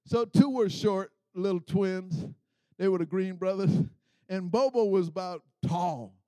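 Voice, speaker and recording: A high-pitched middle-aged male preacher delivers a sermon in a rising call-and-response style. He calls out to the congregation and swells into shouts at his peaks. The sound is close and dry, with no room echo. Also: unhurried.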